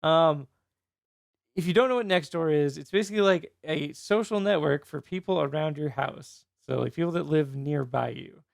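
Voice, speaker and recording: Gravelly-voiced man rambling through a story. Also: a little high, normal speed, dry recording, studio quality. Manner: rambling storyteller, heavy use of "like". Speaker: podcast host. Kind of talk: casual podcast chat.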